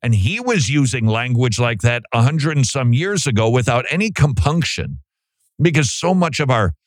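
A man hosting a casual talk show, his pitch swinging lively from high to low as he muses and tosses questions at his co-host. The sound is dry and close, with no room around it. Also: normal speed, dry recording. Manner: animated, musing, rhetorical questions. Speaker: podcast host.

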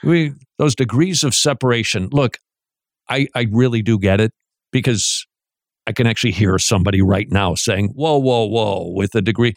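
A man teaching in a sermon style, animated and joking, with many rhetorical questions. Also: lowish voice, normal speed, dry recording, studio quality.

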